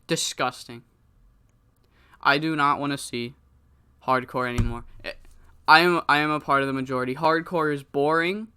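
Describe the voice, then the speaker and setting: A man voicing a prissy male wrestler who scolds the crowd in a slow, prim, disapproving way. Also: a little high, fairly even intonation, pushed and bright, a little hiss or hum.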